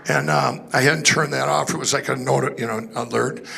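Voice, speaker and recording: A man giving a personal testimony at a conference, telling his story in an excitable, rambling way with many restarts and laughs. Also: mid-range voice, normal speed, gravelly, breathy edge. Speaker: conference speaker. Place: conference hall stage.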